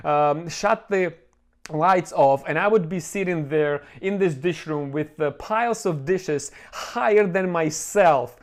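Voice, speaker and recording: A man, not a native English speaker, hosting an online course and telling a motivational story in an earnest, emotional way, with many fillers and calling his viewers guys. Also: fairly high pitch.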